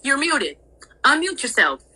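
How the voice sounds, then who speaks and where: A woman's voice: high-pitched, very animated, unhurried, pushed and bright, poor audio. A woman scolding someone relentlessly and cuttingly during a heated livestream argument. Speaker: livestream participant.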